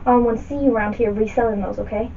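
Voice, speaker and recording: A woman's voice: on the high side, fairly even intonation, fast talker, vocal fry, warm tone. A woman playing a shady young street dealer, putting on a vague New York accent and pushing every deal with a repeated "okay?". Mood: pushy. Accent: put-on vague New York. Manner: pushy, repeats "okay?" to close deals. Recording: muffled distant camcorder audio with hiss.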